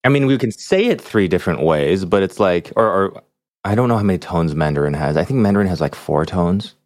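Low lively man chatting on a podcast. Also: no echo, studio quality. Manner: chatty, laughs often, quick asides. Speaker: podcast co-host. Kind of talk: casual chat.

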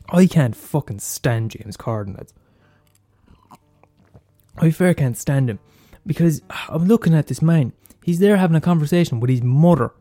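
A man's voice: mid-range voice, animated, fairly quick, dark tone, no echo, studio quality, soft background music. An Irish man hosting a solo comedy podcast, blunt and sweary, mocking himself and repeating lines for effect. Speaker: podcast host.

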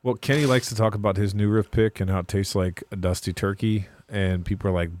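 A man's voice: on the low side, fairly even intonation, brisk, a little mellow, a little hiss or hum. A man co-hosting a podcast, chatting casually and reacting easily. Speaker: podcast co-host. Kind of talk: casual chat.

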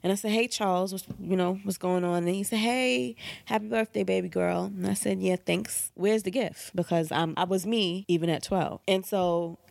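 Gravelly-voiced woman telling her story. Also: lowish voice, steady tone, normal speed, few pauses, a little mellow, no room sound. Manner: candid, wry, conversational. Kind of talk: personal storytelling monologue.

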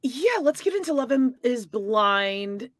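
A woman co-hosting a podcast, chatting casually and gossiping about TV in an animated way. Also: on the high side. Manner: animated, gossipy, quick reactions. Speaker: podcast co-host. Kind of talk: casual chat.

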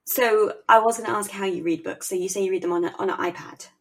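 A woman interviewing a guest, asking short questions in a relaxed way. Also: mid-range voice, fast. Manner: brief reactions and questions.

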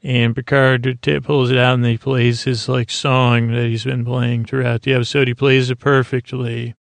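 A man recaps an episode for a sleep podcast, rambling and hesitant with plenty of pauses and restarts. His voice stays flat and even, with a gravelly fry. The recording is close and dry, with no room sound. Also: medium pitch, no room sound. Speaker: podcast host.

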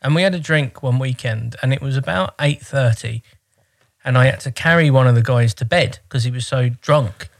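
A man's voice: medium pitch, moderate pace, vocal fry. A man talking casually as a podcast guest, telling work stories in a rambling, wry way with lots of fillers. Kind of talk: casual chat.

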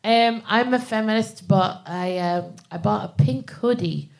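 A woman's voice: medium pitch, unhurried, gravelly, a little mellow. A woman with an Irish accent, guest co-hosting a live comedy podcast in a theatre, telling self-mocking stories in a rambling way. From Ireland. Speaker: guest co-host. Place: theatre stage before a live audience.

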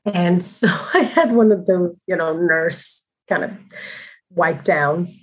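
A woman's voice: fairly low pitch, slow pace, low-quality recording. A woman telling her own story casually and candidly, with frequent asides and fillers and a ready laugh.

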